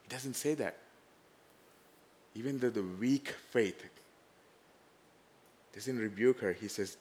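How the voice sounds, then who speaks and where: Male preacher, mid-range voice, animated delivery with big swings between loud and quiet. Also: medium pitch, slow, pauses often. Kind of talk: sermon.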